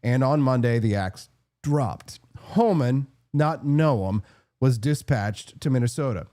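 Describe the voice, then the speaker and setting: A man's voice: medium pitch, animated, slow pace, warm tone. A man hosting a political commentary show, talking in a sarcastic, combative way and reading out viewer comments. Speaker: host.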